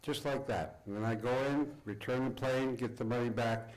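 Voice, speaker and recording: An older man giving an acceptance speech to an audience, telling stories from his upbringing in an unhurried, reflective way with pauses. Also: mid-range voice, fairly even intonation, darkish tone, low-quality recording. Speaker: award recipient giving a speech. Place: event hall before an audience.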